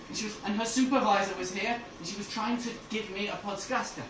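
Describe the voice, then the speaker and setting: A man's voice: sits high, fairly even intonation, fast. An English comedian telling stories on stage, chuckling through his punchlines. He is heard from far off in an echoey club room, with noise all around. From England. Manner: laughing through his own jokes. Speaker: stand-up comedian. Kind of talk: stand-up storytelling. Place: club room with a live audience.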